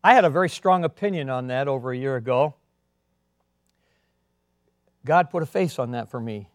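A man preaching a sermon as a pastor, earnest, swinging between emphatic and quiet delivery. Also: medium pitch, expressive, fast talker, no room sound, studio quality.

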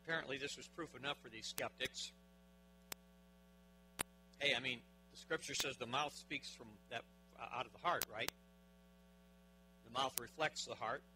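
A man preaching a sermon, dramatic, with big swings in loudness, asking his listeners questions. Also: medium pitch, normal speed, pauses often, noisy background.

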